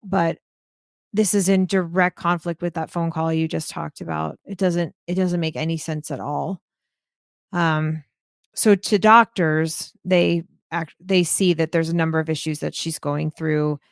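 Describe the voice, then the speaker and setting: Low-voiced, thoughtful woman podcaster. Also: steady tone, a little slow, creaky, no room sound, studio quality. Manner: thoughtful, hesitant, frequent "um". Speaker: true crime podcaster. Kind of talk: casual podcast discussion.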